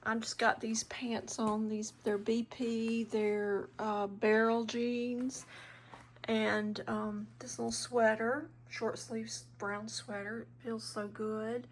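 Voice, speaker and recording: Slow, rambling woman vlogging at home. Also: on the high side, little pitch movement. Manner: rambling, chatty, trails off and restarts. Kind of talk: casual home vlog. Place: living room at home.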